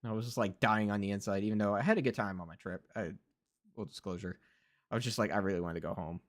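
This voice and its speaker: A man's voice: on the low side, quick pace. A young man streaming as a VTuber, reacting to videos with casual, profane, ranting commentary. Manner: ranting, heavy swearing.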